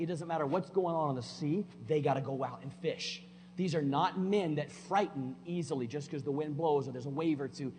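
A man with a fairly high voice preaches a sermon in a church. He is folksy and plainspoken, rising to loud emphatic declarations and dropping to quiet asides. His voice rings in the long reverb of the hall over a faint hum. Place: church sanctuary.

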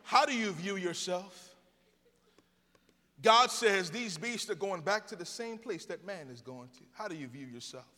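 High-pitched preacher guy cracking jokes, lots of back and forth with the crowd, big echoey church. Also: lively intonation, unhurried, bright, forceful tone. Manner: call-and-response with the congregation; playful storytelling. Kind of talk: sermon with jokes.

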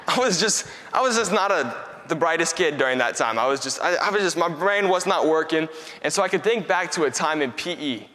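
A young man preaching a sermon, telling a lively story with repeated phrases. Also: medium pitch. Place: church hall. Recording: long hall reverb.

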